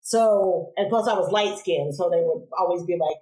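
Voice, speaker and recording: A woman's voice: lowish voice, moderate pace. Laughing woman telling stories in a roomy space. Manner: animated and laughing, acts out voices in her stories. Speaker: podcast guest. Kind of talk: casual storytelling interview. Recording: roomy echo.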